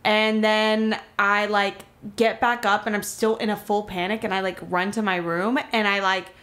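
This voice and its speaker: A woman's voice: mid-range voice, normal speed. A woman from Miami telling a wild story in a casual podcast chat, rambling and full of filler words. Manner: rambling, filler-heavy, animated retelling. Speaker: podcast co-host.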